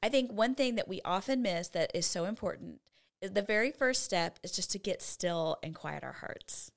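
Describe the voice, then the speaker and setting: A woman's voice: medium pitch, expressive, moderate pace, gravelly. A woman co-hosting a casual faith podcast, earnestly teaching Bible study steps one at a time. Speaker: podcast co-host.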